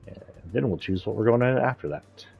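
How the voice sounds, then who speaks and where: A man's voice: lowish voice, animated, brisk, creaky, slightly rough, highs cut off, soft background music. A man giving casual, rambling gameplay commentary, thinking aloud and correcting himself as he goes. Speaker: streamer.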